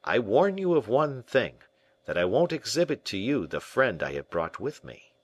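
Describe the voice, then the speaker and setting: A man's voice: mid-range voice, sing-song, normal speed, slightly rough. A man voicing a bold musketeer captain who teases and presses with emphatic banter, in an audiobook reading. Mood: teasing.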